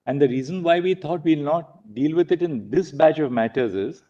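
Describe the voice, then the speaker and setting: Male judge, Indian English, measured and mellow, slightly higher pitch, muffled recording. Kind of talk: courtroom exchange. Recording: dull lo-fi courtroom mic.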